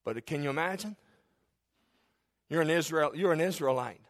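A male preacher with a high-pitched voice delivers a sermon. He swings from loud, emphatic peaks down to soft, hushed passages. When he reads scripture he slows right down and stretches the words out dramatically. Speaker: pastor.

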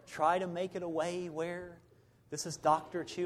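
A middle-aged man, a preacher, telling a personal story in a sermon, swinging between loud bursts and hushed moments. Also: sits high, flat delivery, moderate pace.

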